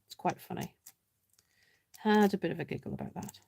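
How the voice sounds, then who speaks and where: Chatty and self-mocking, this live card-making host talks through her thoughts while she crafts and says hello to viewers by name. Her voice is fairly low, brisk, creaky, slightly mellow and a bit rough, recorded without echo.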